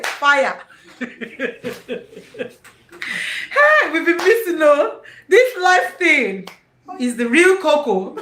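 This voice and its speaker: Nigerian woman, excitable live-stream host, bright and unhurried, roomy echo. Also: extremely high pitch, a little hiss or hum. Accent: Nigerian English. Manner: excitable, effusive, laughs often. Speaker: YouTuber hosting a live stream. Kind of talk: casual live-stream chat.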